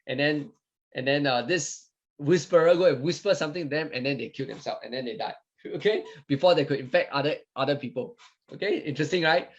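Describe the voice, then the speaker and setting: Man, explanatory tone, somewhat high voice, dull lo-fi sound, constant "okay?". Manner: repeats "okay?" and "right?", acts out cells with voices. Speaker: wellness product presenter. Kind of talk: explanatory talk.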